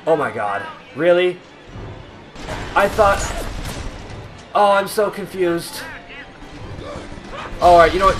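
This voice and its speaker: A man's voice: high voice, very animated, slow pace, long pauses, fairly bright tone. A young man giving casual let's-play commentary, confused and exasperated while talking to his viewers. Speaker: gameplay commentator. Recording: game music playing behind.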